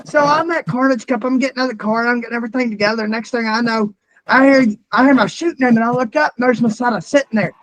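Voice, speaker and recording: A man interviewing a guest, telling animated, profane stories with shouted punchlines. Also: very high-pitched, fast talker, slight background noise, rough recording. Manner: profane, animated, loud storytelling. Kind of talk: casual storytelling.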